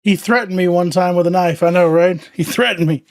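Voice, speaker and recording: A woman's voice: on the low side, fairly quick. A woman hosting a casual livestream, chatting playfully with viewers and talking to her dog. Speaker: livestream host.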